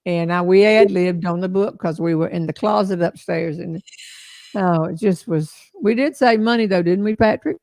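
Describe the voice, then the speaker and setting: A woman's voice: on the low side, moderate pace, a little mellow, no echo. Older lady hosting a live chat, folksy and jokey, dry close sound. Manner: folksy, joking storyteller. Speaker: host. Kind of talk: casual live-stream chat.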